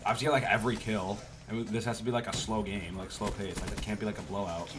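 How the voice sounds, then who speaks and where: Lowish-voiced guy trash talking over a shooter game, swears a lot, noisy mic. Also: steady tone, fast talker, few pauses. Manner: trash-talking, swearing, swings into loud outbursts. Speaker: gaming YouTuber. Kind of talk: gameplay commentary.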